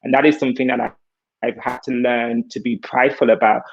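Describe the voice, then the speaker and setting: A man's voice: mid-range voice, fairly even intonation, fast, dull audio. A male hairstylist speaking earnestly and reflectively on a video call, sharing his experience as a self-taught artist. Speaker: hairstylist guest. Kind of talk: heartfelt conversational sharing.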